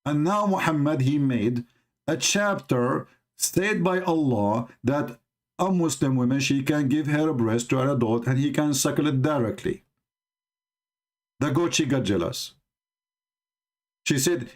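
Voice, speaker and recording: A man with an Arabic accent comments sarcastically on a video during a live stream. He fires off mocking rhetorical questions in broken English, at an average pitch for a man. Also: measured pace, pauses often. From Middle East. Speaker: host of a religious debate live stream.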